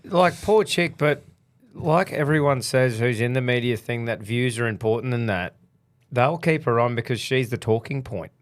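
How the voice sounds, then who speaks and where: A man cutting in on a football podcast with brash, sweary remarks. His voice sits at a plain mid pitch. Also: normal speed. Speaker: podcast host. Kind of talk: casual sports chat.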